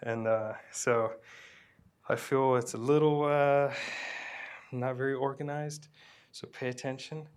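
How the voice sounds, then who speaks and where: A man preaching a sermon, nervous and emotional, halting with fillers and sliding into a soft, murmured prayer. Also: medium pitch, steady tone, smooth. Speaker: pastor.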